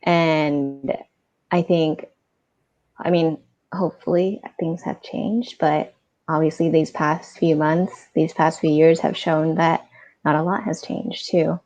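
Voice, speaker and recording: A woman's voice: deep voice, fairly even intonation, takes it slowly, a little mellow, lo-fi sound. A woman author speaking on a panel, thoughtful and hesitant, with many restarts. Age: adult, no longer a teen. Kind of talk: casual panel discussion.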